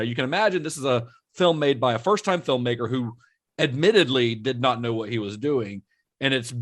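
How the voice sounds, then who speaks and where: A man's voice: medium pitch, fairly bright tone. A man hosting a film podcast in casual chat, explaining at length and laughing often as he talks. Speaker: podcast host.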